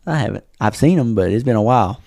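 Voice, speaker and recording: Fast-talking podcast guy. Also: mid-range voice, lively intonation, vocal fry, dark tone. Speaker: podcast co-host. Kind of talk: casual chat.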